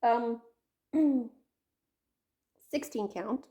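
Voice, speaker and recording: A woman's voice: fairly high pitch, extremely slow, warm tone. Chatty rambling woman vlogger. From Canada. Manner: rambling, chatty, self-interrupting with fillers and asides. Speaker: craft vlogger. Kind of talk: casual chat to camera.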